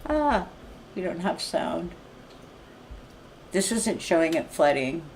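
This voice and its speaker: A middle-aged woman ranting to camera in a blunt, profane, heated way, often clearing her throat. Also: on the low side, sing-song, slow pace, a little mellow, a little hiss or hum. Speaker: vlogger. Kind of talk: unscripted rant to camera. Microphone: streaming setup mic.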